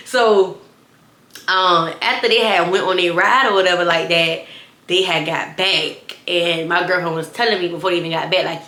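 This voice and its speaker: A woman's voice: lowish voice, moderate pace, roomy sound. Rambling woman telling a storytime. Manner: rambling, animated, repeats herself, addresses viewers as y'all. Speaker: storyteller vlogger. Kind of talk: casual storytime.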